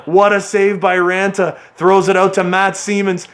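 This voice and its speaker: A man giving excitable play-by-play commentary on a hockey video game he is playing, cheering and groaning at his team. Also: high voice, moderate pace, few pauses. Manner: excitable play-by-play, yelling at the players. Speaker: gaming channel host.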